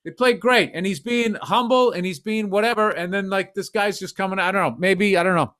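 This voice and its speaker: A man's voice: high-pitched, steady tone, fairly quick, fairly bright tone. A middle-aged man co-hosting a podcast, talking in a blunt, profane, riffing way. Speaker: podcast co-host. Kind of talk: casual chat.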